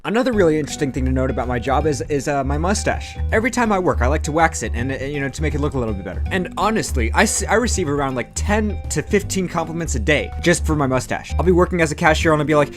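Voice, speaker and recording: A man's voice: on the high side, animated, quick pace, few pauses, faint music behind. A young man telling jokey, self-deprecating stories about his job in a comedic vlog. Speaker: vlogger, theme park photographer.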